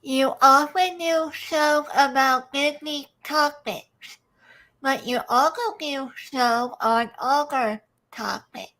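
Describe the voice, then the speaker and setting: A woman hosting an interview, asking slow, deliberate questions. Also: high voice, pushed and bright. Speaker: host. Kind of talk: interview host.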